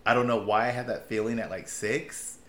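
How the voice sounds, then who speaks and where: A man in his late twenties, a podcast co-host chatting casually, gushing and swearing, quick to laugh. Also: lowish voice, steady tone, a bit bright, reverberant. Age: late 20s. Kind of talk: casual chat.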